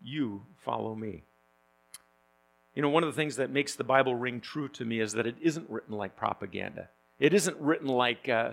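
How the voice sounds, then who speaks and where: A male pastor preaching a sermon in a conversational, joking way, often pausing with fillers and restarts. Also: medium pitch, gravelly, fairly bright tone.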